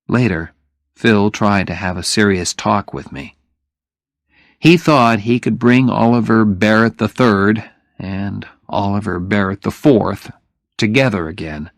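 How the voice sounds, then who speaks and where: A man reading a story aloud for English learners, slow and deliberate. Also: on the low side, creaky, dry recording, clean studio sound. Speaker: narrator. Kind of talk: graded-reader audiobook narration.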